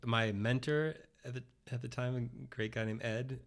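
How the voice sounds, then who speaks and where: A man's voice: medium pitch, steady tone, moderate pace. A young adult man telling a personal story in casual conversation, full of fillers and acted-out quotes. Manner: chatty, many fillers like "like", acts out quoted dialogue. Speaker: interview guest.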